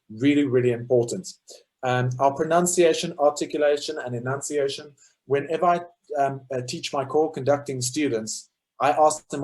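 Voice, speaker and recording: A middle-aged man from South Africa teaches choral music in an informal talk. He speaks at a middle pitch, thinks aloud as he goes, and often pauses with fillers and restarts. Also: a little mellow. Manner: thoughtful, with frequent fillers and restarts. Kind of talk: informal lecture.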